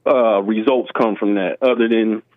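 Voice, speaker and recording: A man calling in, speaking in a measured, slightly halting way. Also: lowish voice, fairly even intonation, a crowd in the background. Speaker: caller. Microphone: phone. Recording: dull phone-line audio.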